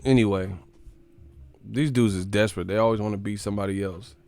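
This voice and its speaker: A man's voice: on the low side, fairly even intonation, a little fast, a little mellow, no room sound, soft background music. A man hosting a live stream, casually reacting to chat with profane, mocking commentary.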